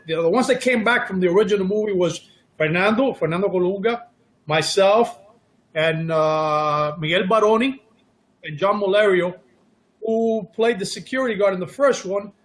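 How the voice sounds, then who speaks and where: A middle-aged man with a notably high speaking voice talks casually as an interview guest. He tells stories from his acting career in a loose, self-deprecating way and drops jokes at his own expense. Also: a bit bright. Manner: self-deprecating, joking storyteller. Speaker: actor guest.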